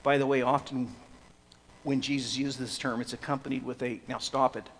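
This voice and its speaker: A man preaching an expository sermon, swinging from hushed, slow passages to loud, emphatic ones. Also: mid-range voice, level tone, long reverb tail. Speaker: pastor.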